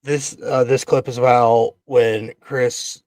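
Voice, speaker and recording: A man's voice: medium pitch, level tone, slow, darkish tone, no room sound. A man co-hosting a podcast, ranting bluntly in casual chat and swearing freely. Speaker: podcast co-host.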